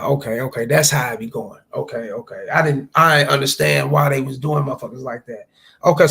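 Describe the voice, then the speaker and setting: Gravelly livestreamer man around forty. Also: medium pitch. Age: late 30s to early 40s. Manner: animated, swearing, reading viewer chats aloud. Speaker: livestream host. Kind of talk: casual profane livestream chat.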